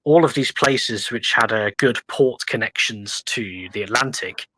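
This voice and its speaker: A man's voice: mid-range voice, unhurried, bright, forceful tone, a little hiss or hum, low-quality recording. An English man chatting casually about history on a podcast, rambling along with lots of ums and restarts. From England. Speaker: podcast guest.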